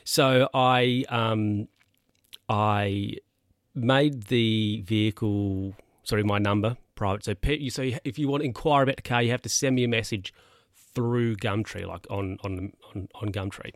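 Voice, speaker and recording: A podcast host delivers a casual solo monologue in a low-ish, unhurried voice, recorded cleanly in a studio with no echo. He rambles chattily and often corrects himself mid-sentence.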